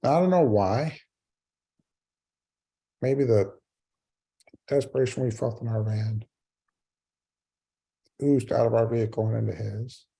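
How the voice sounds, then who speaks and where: Over a video call, a middle-aged keynote speaker tells a personal story with wry, self-mocking humor. He speaks slowly in a medium-pitched, gravelly voice that is mellow and slightly rough, leaving long pauses.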